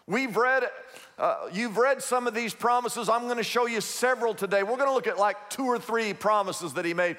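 A man preaching a sermon as pastor, emphatic and repetitive, who slows down to stress key phrases. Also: high voice, fairly bright tone, in a large hall.

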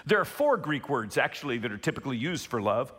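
A man preaching a sermon as pastor, calling on the congregation to answer back and slowing down to stress key words. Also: mid-range voice, big pitch swings, fairly bright tone, slightly rough, big-room sound. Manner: calls for congregation responses, emphatic with slow stressed words.

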